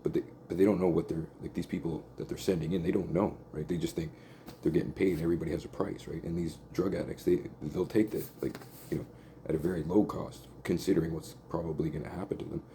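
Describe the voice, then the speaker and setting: A man's voice: deep voice, fairly even intonation, quick pace, warm tone, a little hiss or hum. A man in a rambling, angry monologue, swearing a lot and saying "like" and "right?" constantly. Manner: agitated, profane, repeats "like" and "right?".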